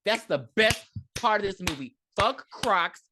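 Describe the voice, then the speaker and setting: A woman co-hosting a podcast, recapping a movie in blunt, profane, animated casual chat. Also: medium pitch, measured pace, noisy background. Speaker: podcast co-host.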